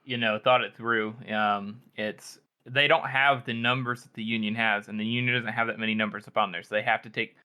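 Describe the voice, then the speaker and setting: A man co-hosting a podcast, thinking aloud in relaxed casual talk. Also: lowish voice, brisk, hardly any pauses, clear, resonant tone. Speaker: podcast co-host. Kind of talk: casual book discussion.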